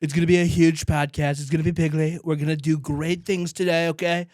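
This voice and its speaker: A man's voice: a little high, level tone, a little fast, a little mellow, dry recording, clean studio sound, voice pushed up, natural voice. A man doing a bragging politician impression. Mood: boastful. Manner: bragging, repeats big words. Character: boastful impression of a famous male politician. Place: small room, podcast setup.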